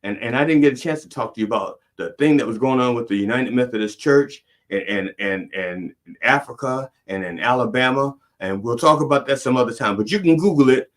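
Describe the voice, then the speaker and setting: A man's voice: medium pitch, fairly quick, hardly any pauses. A middle-aged man delivering a rambling, profane mock sermon as a comedic preacher host.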